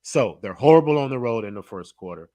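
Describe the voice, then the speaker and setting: A man's voice: mid-range voice, lively intonation, fairly quick, warm tone, no echo, highs cut off. A man appearing as a guest sports bettor, walking methodically through trends and picks in casual talk.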